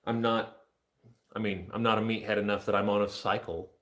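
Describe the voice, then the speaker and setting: A man's voice: fairly low pitch, flat delivery, brisk, fairly bright tone. A man in his thirties chatting casually on a livestream, joking, self-deprecating and easily distracted. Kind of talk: casual rambling livestream chat.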